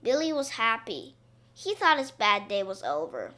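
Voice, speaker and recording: A woman reads a children's storybook aloud, slowly and expressively. Her voice is high and bright, with wide, lively swings in pitch. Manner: slow, expressive read-aloud.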